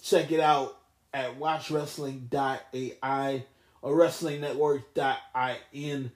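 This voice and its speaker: A man's voice: medium pitch, fairly even intonation, takes it slowly. A man in his late twenties hosting a casual solo wrestling podcast, rambling loosely and correcting himself as he goes. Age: 20s. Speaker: podcast host.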